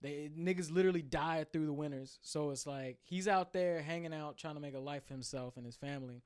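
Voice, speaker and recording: A man co-hosting a casual podcast, retelling a story in animated, slang-filled chat. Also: on the high side, a little fast, clear, resonant tone. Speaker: podcast co-host.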